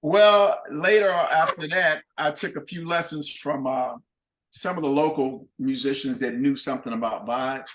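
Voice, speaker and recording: An older man, a guest musician, telling animated, plain-spoken anecdotes in a relaxed chat. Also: on the high side, normal speed, echoey room. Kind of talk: casual storytelling.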